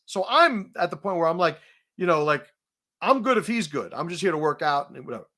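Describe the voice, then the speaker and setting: A man host telling a profane confrontation story in a casual, animated way, laughing at his own punchlines. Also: a little high, fairly quick.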